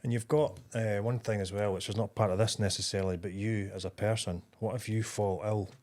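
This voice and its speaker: A man co-hosting a casual business podcast, talking things through in a measured way with plenty of fillers. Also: on the low side, steady tone, a little mellow. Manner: explains in a measured way with many fillers. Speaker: podcast co-host.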